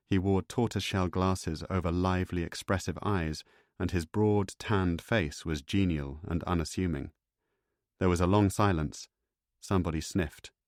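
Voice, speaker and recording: Deep-voiced man narrating an audiobook. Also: no echo, clean studio sound. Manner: measured, even storytelling. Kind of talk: scripted narration.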